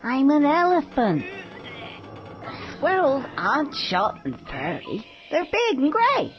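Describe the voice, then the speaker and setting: A man voicing a cocky young male squirrel in a video game, sarcastic and quick with a comeback. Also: very high-pitched, wildly swooping pitch, lo-fi sound, music in the background, full character voice.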